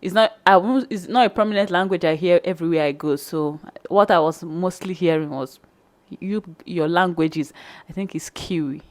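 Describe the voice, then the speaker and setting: A woman's voice: lowish voice, moderate pace. A young woman from Nigeria, a guest on a vlog, chatting eagerly about her trip and repeating herself. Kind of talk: casual chat.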